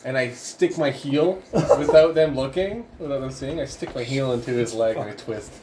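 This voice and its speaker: A man playing a tabletop game, telling his character's actions in a playful, animated way. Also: mid-range voice, moderate pace, slight background noise. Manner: playful, giggly, animated storytelling. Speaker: player.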